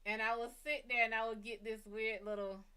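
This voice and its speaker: A woman's voice: a little high, fairly quick, clear, resonant tone. A woman hosting her own psychic reading show, telling a personal story in a blunt, casual way with plenty of cursing. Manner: blunt, heavy cursing, lively retelling. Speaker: psychic reader and show host.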